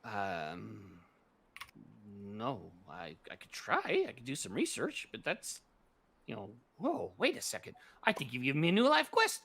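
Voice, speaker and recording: A man voicing a giddy, babbling male inventor who shrieks in excited bursts. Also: medium pitch, unhurried, gravelly, breathy edge, exaggerated voice.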